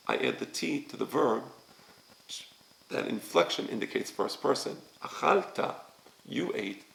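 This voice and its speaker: A man teaching a recorded lesson, explaining slowly and often checking with "right?". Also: mid-range voice, creaky, reverberant, rough recording. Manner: slow, explanatory, repeats "right?" to check understanding. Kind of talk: recorded lecture on grammar.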